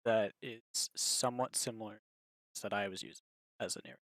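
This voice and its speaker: A man's voice: on the low side, steady tone, fast talker, a bit bright. A man directing an audiobook recording over a stream, organizing the others. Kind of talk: casual chat on a recording stream.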